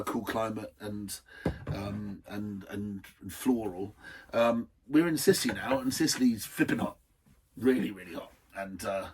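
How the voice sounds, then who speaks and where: A man talks through a wine tasting in a husky, slightly breathy voice. He rambles cheerfully from one aside to the next, and he sits a little back from the microphone. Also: fairly low pitch, distant mic. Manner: rambling, chatty and enthusiastic, full of asides. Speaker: wine reviewer, host. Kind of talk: casual wine-tasting chat.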